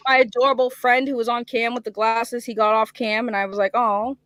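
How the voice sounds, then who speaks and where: Brief: outspoken woman with a Boston accent, heated opinions, highish voice, dry close mic. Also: steady tone, a bit bright, no room sound. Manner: fiery, opinionated, fast-talking. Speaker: guest on a livestream talk show. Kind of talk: casual chat.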